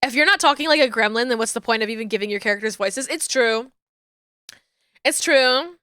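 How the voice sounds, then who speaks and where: Bright, high-voiced chatty woman streamer. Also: fairly quick, smooth, no room sound, clean studio sound. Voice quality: high natural register, finds low voices hard. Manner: chatty, laughs often, reads out chat. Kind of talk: casual chat while streaming a game.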